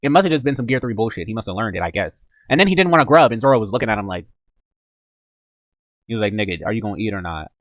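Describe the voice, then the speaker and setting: Guy reacting to a manga chapter, slangy and jokey, talks fast, dry close sound. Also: mid-range voice, animated, no room sound. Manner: slangy, joking, jumps into character voices.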